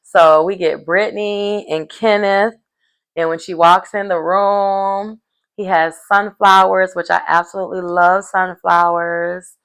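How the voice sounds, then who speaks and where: Chatty woman with a gravelly low voice. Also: fairly even intonation, a little slow, a bit bright. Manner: chatty, rambling, lots of fillers and "y'all". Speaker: reality show recap vlogger. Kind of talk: casual recap chat.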